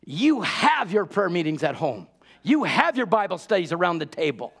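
A male preacher with a notably high voice delivers a sermon with urgency. He drives his points home by repeating key words and asking the congregation rhetorical questions. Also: sing-song, normal speed, vocal fry, fairly bright tone, breathy edge. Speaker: pastor.

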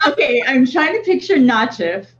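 A woman's voice: sits high, big pitch swings, normal speed, background noise. A woman co-hosting a livestream in casual chat, laughing often and reading comments aloud. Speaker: co-host of a vaping livestream. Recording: dull lo-fi stream audio.

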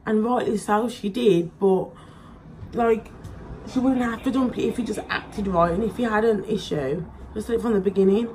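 A woman's voice: medium pitch, normal speed, warm tone, slight background noise, poor audio. A young woman chats casually while doing her makeup at home, rambling with plenty of likes and ums. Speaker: beauty vlogger.

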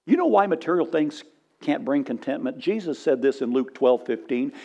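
A male pastor delivers a sermon with a voice pitched a little above most men's. He tells humorous stories, building to loud punchlines. He often checks in with his listeners for a response. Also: expressive, moderate pace, gravelly, highs cut off. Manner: asks congregation for responses.

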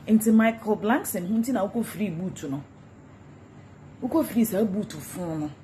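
Ghanaian woman, social media commentator, scornful gossip rant, mid-pitched voice, repeats her insults. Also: mellow, a little hiss or hum. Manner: mocking, insulting, repetitive taunts.

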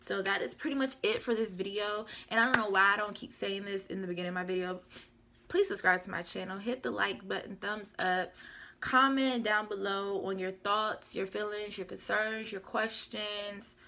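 Young female vlogger, bright gravelly voice, loose rambling product chat. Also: mid-range voice, steady tone, moderate pace, a little hiss or hum. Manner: rambling, chatty, self-correcting. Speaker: beauty vlogger. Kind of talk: casual product review chat.

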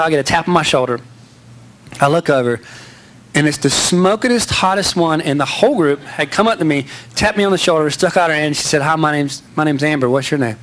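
A man's voice: fairly high pitch, a bit bright. A man giving a candid, self-mocking storytelling speech to an audience. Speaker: speaker.

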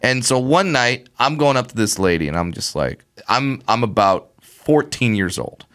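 A man's voice: medium pitch, animated, normal speed, fairly bright tone. A man telling a comic story in casual podcast chat, acting out voices with big jumps in his delivery. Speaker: comedian guest.

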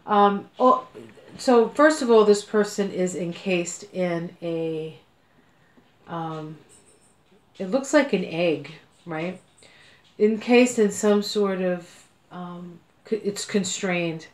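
A lower-pitched woman reads cards at home in a loose, chatty way, wandering between thoughts with plenty of fillers. The room around her is echoey and bare-sounding. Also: takes it slowly. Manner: chatty, meandering, with frequent fillers and laughs. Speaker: card reader. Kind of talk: casual tarot-style card reading.

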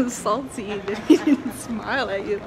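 A woman's voice: medium pitch, a little slow, crowd noise. A young woman from Maryland chatting casually in a travel vlog, giggling often as she talks. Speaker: vlogger. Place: airport and outdoors while traveling. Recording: noisy travel background.

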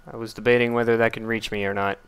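A man giving casual gameplay commentary, blurting out excited exclamations and complaints at the game as he plays. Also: lowish voice, fast, smooth. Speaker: let's play gamer.

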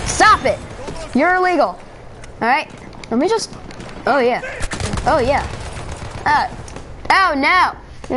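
A man putting on a high, pompous cop. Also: sharp tone, slight background noise. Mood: stern. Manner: pompous, scolding, rapid-fire. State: straining his throat. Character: bossy self-important male police officer. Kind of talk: gameplay commentary in character.

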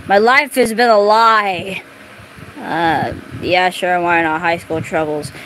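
A woman's voice: on the low side, fairly even intonation, takes it slowly, a bit bright. A woman chatting casually and reading fan fiction aloud, laughing often and muttering exasperated asides. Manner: giggly, breaks into laughter often. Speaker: video creator. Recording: clear background noise.

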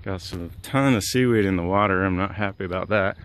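A somewhat low-voiced man chats excitedly to his camera while launching a homemade boat outdoors. The camera mic picks him up with a steady layer of outdoor noise behind him. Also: fairly quick. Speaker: boat builder vlogger. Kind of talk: casual outdoor narration. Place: outdoors by the water.

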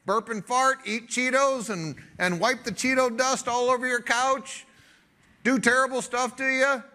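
A male pastor preaching a sermon in an energetic, joking and emphatic conversational way. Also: extremely high pitch, measured pace.

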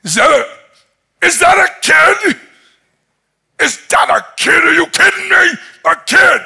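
A man's voice: very high-pitched, animated, drawn-out words, creaky, mellow, voice pushed up, full character voice. A man voicing an enraged, insulted giant warrior who bellows his threats. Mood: furious. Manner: bellowing, outraged.

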